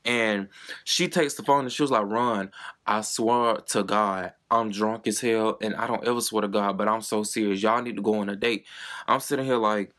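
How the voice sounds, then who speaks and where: A man's voice: on the low side, a bit bright. A young man, telling a personal story to camera in a chatty, dramatic way with plenty of swearing. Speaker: vlogger. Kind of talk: casual storytime monologue.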